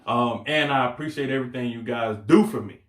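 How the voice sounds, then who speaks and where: A young man telling a casual story on his channel, slangy and animated, laughing as he goes. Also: mid-range voice, a little fast, echoey room. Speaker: vlogger.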